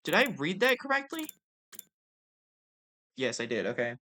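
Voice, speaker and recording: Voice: mid-range voice, big pitch swings, a little slow, sharp tone. A streamer giving casual, joking commentary during a game, swearing freely and mocking themself.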